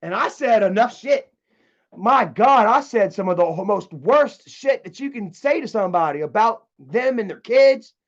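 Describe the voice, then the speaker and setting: A man with a high voice rambles through profane stories on a live stream, laughing at his own tales. The sound is dull and lo-fi. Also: animated, measured pace. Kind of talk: casual storytelling to chat.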